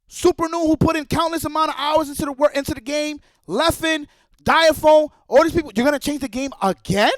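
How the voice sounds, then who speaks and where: Male streamer, high pitch, dry close sound, angry profane rant. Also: a little fast, dry recording. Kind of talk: heated rant.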